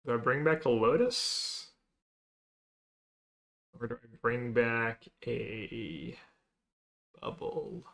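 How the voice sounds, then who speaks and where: A man's voice: medium pitch, drawn-out words, gravelly, long pauses, fairly bright tone. A man streaming a card game, thinking aloud about his plays and chatting with viewers in a casual, muttering way. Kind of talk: casual stream commentary while playing.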